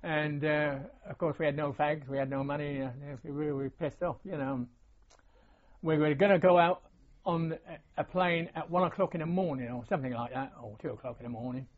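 A man's voice: a little high, fairly even intonation, fairly quick. An older man, a veteran recalling his service in a rambling, meandering oral-history interview. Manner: rambling, with many fillers and restarts. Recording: dull lo-fi recording.

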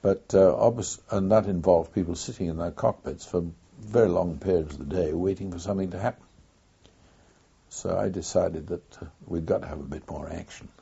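An elderly man, once a wartime pilot, shares his recollections in an oral history interview at a slow, thoughtful pace with many pauses. He has a low, creaky, warm and husky voice, heard through a dull lo-fi recording.

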